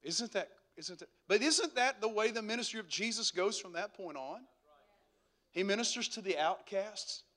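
A male pastor delivers a sermon in a high, bright, ringing voice. He preaches emphatically, repeating phrases and throwing rhetorical questions at the congregation. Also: animated, normal speed.

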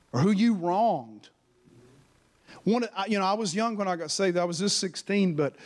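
A male preacher with a notably high-pitched voice delivers a sermon in a church. He mixes scripture with personal stories and speaks with fervent conviction. He keeps turning to the congregation with direct calls for a response.

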